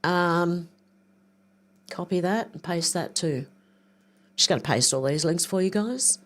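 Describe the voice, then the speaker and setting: An older woman chats on her livestream in a loose, rambling way. She reads viewer comments aloud and thinks out loud while she clicks around. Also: on the low side, unhurried. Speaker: livestream host. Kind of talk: casual livestream chat reading viewer comments.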